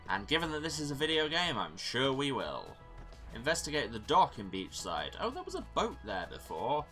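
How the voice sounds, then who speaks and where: Lively, bright-voiced male let's-player, wry and self-mocking commentary. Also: medium pitch, normal speed, soft background music. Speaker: let's play gamer. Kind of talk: gameplay commentary.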